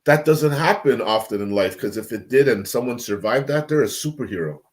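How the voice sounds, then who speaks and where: A man's voice: mid-range voice, animated, fairly quick. A man on a talk panel speaking bluntly and emphatically about hard times, with swearing and dry jokes. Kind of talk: casual panel chat.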